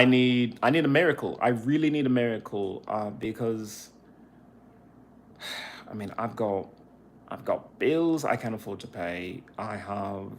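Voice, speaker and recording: Speaking on a cell phone in a lowish voice, a longtime podcaster delivers an offhand livestream monologue, venting in halting bursts and repeating himself. A little hiss or hum sits under the recording.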